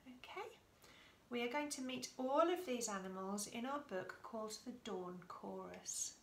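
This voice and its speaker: Slow sing-song woman teacher. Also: a little high. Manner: slow, sing-song, exaggerated and clear, with sudden soft whispers. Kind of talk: Attention Autism session for children. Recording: echoey room with faint noise.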